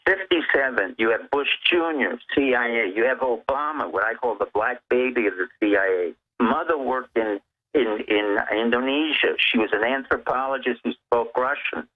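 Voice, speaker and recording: A man's voice: medium pitch, normal speed. A man calling in as a guest, laying out his points one by one in an emphatic, lecturing way. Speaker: phone-in guest. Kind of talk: emphatic political commentary. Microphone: telephone. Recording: tinny phone line.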